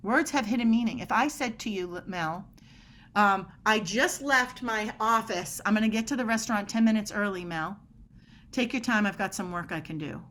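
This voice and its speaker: A woman's voice: medium pitch, a little fast, fairly bright tone. A middle-aged woman guest on a podcast interview, explaining body language in an emphatic way and acting out quoted dialogue.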